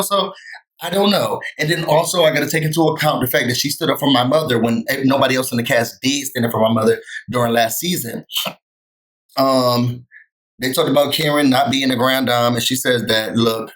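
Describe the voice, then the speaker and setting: A man giving a casual, sassy recap of a reality show, often jumping up in pitch to quote people. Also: fairly bright tone, poor audio. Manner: sassy and chatty, jumps to higher pitch when quoting people. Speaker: TV recap vlogger.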